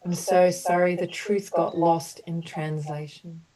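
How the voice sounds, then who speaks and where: A woman leading an online group healing session, slowly offering soothing apologies and then explaining in a loose, chatty way. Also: lowish voice, flat delivery, warm tone, recorded from a distance, rough recording. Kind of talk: guided emotional healing session.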